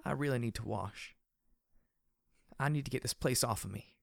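A young female pegasus pony, fragile and tearful, her voice lifted high and kept soft and weepy as a man acts her out. This is a storybook reading with a dry, close sound and no room around it. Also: moderate pace, gravelly, no echo. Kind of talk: audiobook character voice.

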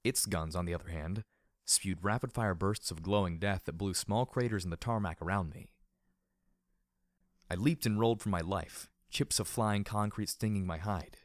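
Man narrating an audiobook, low and dry. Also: moderate pace, dry recording. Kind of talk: first-person audiobook narration.

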